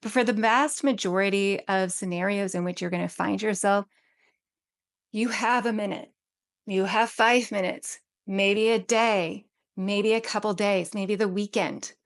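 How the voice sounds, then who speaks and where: A woman with a social work background giving parenting advice to camera in a calm, steady coaching tone, often checking in with "right?". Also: mid-range voice, a little slow. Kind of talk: direct-to-camera advice talk.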